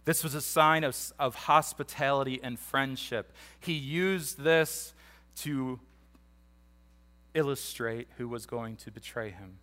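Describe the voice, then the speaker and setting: With a mid-range voice and slow pace, a pastor walks through a Bible passage in relaxed, conversational fashion. His lively retelling performs the disciples' voices, and he restarts again and again.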